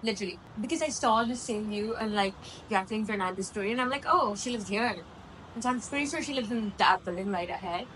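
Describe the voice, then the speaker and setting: A woman's voice: mid-range voice, fast, hardly any pauses, fairly bright tone, slight background noise, rough recording. A woman of about twenty, chatting candidly and rambling to her phone camera in a casual vlog, with plenty of swearing. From India. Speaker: vlogger.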